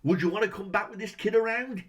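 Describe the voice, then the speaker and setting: Brief: male reviewer, higher voice, profane exasperated rant full of rhetorical questions. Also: fast, a little hiss or hum. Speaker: movie reviewer. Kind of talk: profane ranting movie review.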